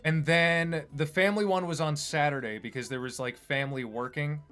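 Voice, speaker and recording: Male streamer, casual chat, rambling, self-deprecating, slightly high voice, faint music behind. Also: fairly even intonation, brisk, fairly bright tone, clean tone. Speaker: streamer and animator.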